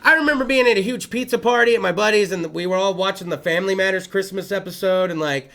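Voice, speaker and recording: Man, talk show host, loud, profane, rowdy banter, high gravelly voice. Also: quick pace. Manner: loud, rowdy, profane, shifting between yelling and mumbling. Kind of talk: casual late-night show banter.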